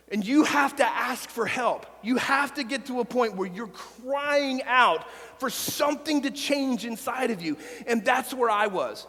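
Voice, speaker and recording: High-voiced pastor in a reverberant sanctuary. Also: male voice, lively intonation, measured pace, hardly any pauses. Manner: earnest and personal, with quiet confessional stretches. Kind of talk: sermon. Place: church sanctuary.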